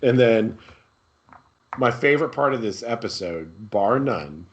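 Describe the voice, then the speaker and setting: A man's voice: on the low side, lively intonation, a little slow, highs cut off. A man co-hosting a podcast in casual chat, enthusiastic and laughing as he recounts favorite scenes. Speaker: podcast co-host.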